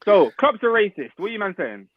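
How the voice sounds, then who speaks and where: A man's voice: sits high, very animated, brisk, lo-fi sound, a crowd in the background. A man co-hosting a football podcast, talking in slang and steering the chat back to the topic. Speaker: podcast co-host.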